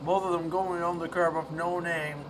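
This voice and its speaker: A man doing live commentary on a sim race, excitable and swinging from quiet asides to loud outbursts. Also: a little high, normal speed, recorded from a distance, background noise.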